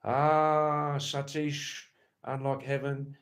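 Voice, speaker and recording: A man hosting a casual livestream from Nepal, answering viewer comments in a slow, rambling, playful way and often repeating his words. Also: medium pitch, fairly bright tone. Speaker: livestream host.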